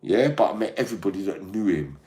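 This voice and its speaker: Older man, combative and profane, ranting straight to his viewers. His pitch swings widely from low mutters to high shouts. The sound has a noticeable echo from the room. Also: lively intonation, quick pace. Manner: profane, combative, keeps asking "yeah?". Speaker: online channel host.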